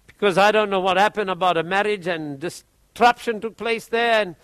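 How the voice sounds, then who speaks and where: A man preaching, telling a testimony story in an animated way and often repeating his words. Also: high-pitched, a little fast, smooth, no room sound.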